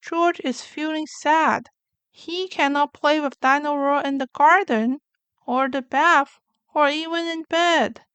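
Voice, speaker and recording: A woman reading a children's picture book aloud with slow, clear, gentle narration. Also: high-pitched, fairly even intonation, dry recording.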